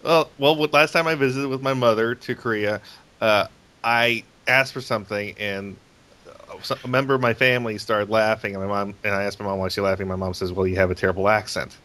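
A man's voice: on the low side, fairly even intonation, a little fast, sharp tone. An American man hosting a podcast interview, easygoing and jokey with short remarks. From United States. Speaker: podcast host. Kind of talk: casual conversational interview.

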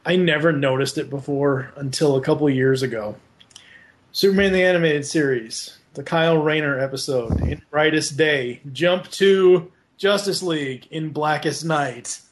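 A man hosting a casual podcast chat, rambling with halting restarts and drifting onto tangents. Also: on the high side, a little hiss or hum. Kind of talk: casual podcast chat about an animated movie.

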